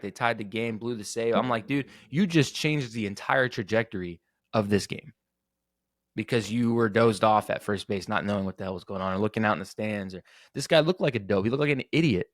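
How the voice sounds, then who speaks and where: A young man rants on his podcast in a casual, profane flow, restarting his sentences and stacking on the emphasis. His voice sits at an ordinary middle pitch. The sound is dry and close, with no room around it. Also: brisk, no room sound. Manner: profane, animated, frequent self-corrections. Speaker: podcast host. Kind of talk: casual rant.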